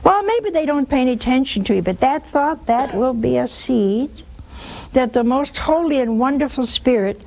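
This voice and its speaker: A woman's voice: high voice, lively intonation, moderate pace, gravelly, a little mellow. A woman hosting a religious call-in show, preaching emphatically and repeating key words for force. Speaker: religious TV host taking calls.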